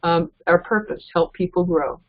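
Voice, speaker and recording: A woman's voice: on the low side, moderate pace. A woman giving a casual, earnest motivational training talk as a network marketing trainer, chuckling between points. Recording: dull lo-fi recording.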